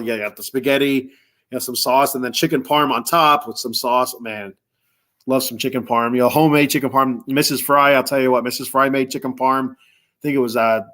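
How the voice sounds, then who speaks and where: A man's voice: medium pitch, pushed and bright. A man hosting a casual solo podcast, rambling through a list of favorite foods with relish and chuckling to himself. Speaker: podcast host.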